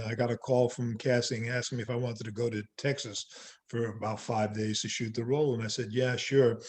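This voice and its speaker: An older man, a working actor, chatting casually in an interview, relaxed and self-deprecating, laughing often. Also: mid-range voice. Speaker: actor guest.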